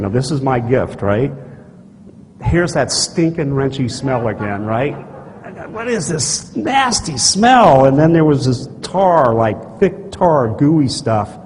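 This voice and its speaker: A man of average pitch tells a personal story at a conference, blunt and folksy, acting out the exchanges and clearing his throat now and then. His voice rings with the long reverb of a large hall. A faint hiss sits under this archival recording. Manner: animated storyteller who acts out dialogue and gestures; blunt and folksy, with frequent asides to the audience. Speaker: speaker at a conference. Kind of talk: live lecture, personal storytelling. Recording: archival talk, echoey hall, faint noise.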